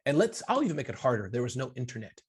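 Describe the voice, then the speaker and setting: A man being interviewed as an entrepreneur, talking in an animated way, often addressing the host by name and acting out little scenes. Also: medium pitch, racing, slightly rough. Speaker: guest entrepreneur. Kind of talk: conversational summit interview.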